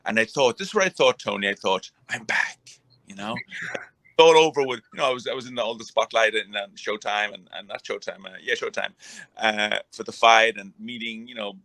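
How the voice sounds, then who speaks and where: Guest, middle-aged man, bright edge, rambling talker, dead-dry sound. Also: on the low side, fairly quick, no echo. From Ireland. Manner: rambling, many restarts and fillers. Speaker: guest, retired boxer. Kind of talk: casual interview conversation.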